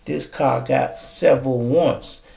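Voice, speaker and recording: A man putting on the voice of a male police officer who tries to calm a suspect and then yells at her. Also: mid-range voice, a little slow, gravelly, soft background music. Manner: urgent, pleading, then yelling.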